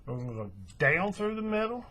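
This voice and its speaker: A man explaining a craft step by step in a relaxed, folksy way. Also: high-pitched, fairly quick, noisy background. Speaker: craft tutorial host. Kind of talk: hands-on tutorial walkthrough.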